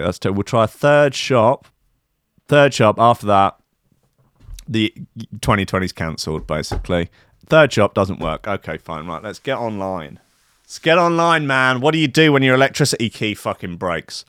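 A man spins a meandering comic story, full of swearing and self-mockery. His voice sits a little low and sounds dry and close. He talks like a host addressing his regular listeners. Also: fairly bright tone, no echo. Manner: profane, self-mocking, meandering asides.

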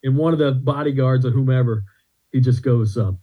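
A man's voice: mid-range voice, fairly quick, narrow, tinny audio. A man, a comedian on a podcast, telling rambling stories in a casual chat with restarts. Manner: rambling anecdotes with restarts and laughs.

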